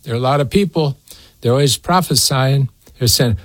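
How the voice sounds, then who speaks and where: A man's voice: a little high, normal speed, no echo. A man preaching a sermon in a folksy, emphatic way, often turning to address a co-host by name.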